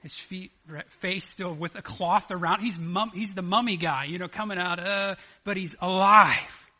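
A man preaching a sermon, animated and acting out the scripture dialogue as he retells it. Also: high-pitched, moderate pace. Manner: animated, acts out the scripture dialogue in lively voices. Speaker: pastor.

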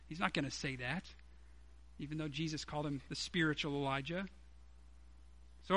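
A man's voice: fairly high pitch, normal speed, pauses often, a bit bright. A man preaching a sermon, emphatic, acting out quoted dialogue from the story.

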